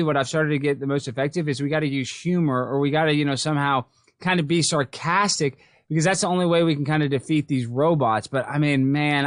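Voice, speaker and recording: A man hosting a casual political podcast, talking in an animated, excitable way. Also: on the high side, no echo, clean studio sound. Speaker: podcast host.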